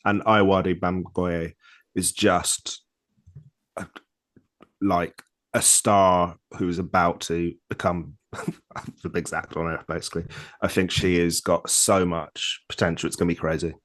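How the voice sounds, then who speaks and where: A man's voice: low voice, level tone, unhurried, a bit bright. A man in his thirties co-hosting a podcast in easygoing, enthusiastic casual chat. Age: 30s. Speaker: podcast co-host.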